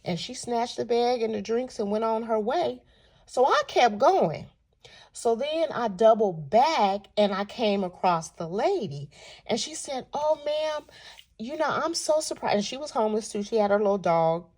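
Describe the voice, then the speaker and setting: Brief: woman vlogger, animated and chatty storyteller, fairly high voice. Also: normal speed. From California. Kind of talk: storytelling vlog.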